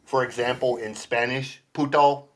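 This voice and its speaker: A man's voice: medium pitch, steady tone, normal speed, fairly bright tone. A man in casual chat as a podcast guest, rambling and laughing often between points. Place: home basement room.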